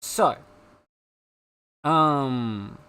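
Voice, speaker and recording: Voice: mid-range voice, drawn-out words, sharp tone, smooth. A young adult streamer with a slight South African accent, chatting casually and rambling between topics with frequent giggles. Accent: slight South African, between British and American. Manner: giggly, rambling, easily sidetracked. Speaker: live streamer.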